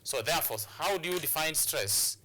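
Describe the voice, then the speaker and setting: Kenyan guy teaching on tv, very bright voice, lots of uh and repeats. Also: on the high side, expressive, moderate pace, a little hiss or hum. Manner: repetitive, hesitant with many fillers. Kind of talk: televised classroom lesson.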